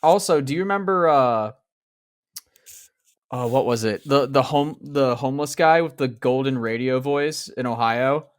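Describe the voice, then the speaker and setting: A man's voice: medium pitch, unhurried, smooth, dry recording, studio quality. A young man with a mid-range voice chats casually about a film on a podcast. He drifts from one thought to the next and often stops to hunt for a word or a name before carrying on. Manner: meandering, searching for words mid-thought. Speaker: podcast co-host. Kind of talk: casual chat.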